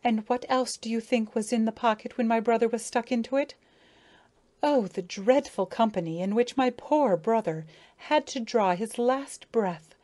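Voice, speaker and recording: A woman voicing a grieving, self-important female dragonfly who tells her tale slowly, mournfully and dramatically. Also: on the high side, mellow, natural voice. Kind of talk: audiobook character reading.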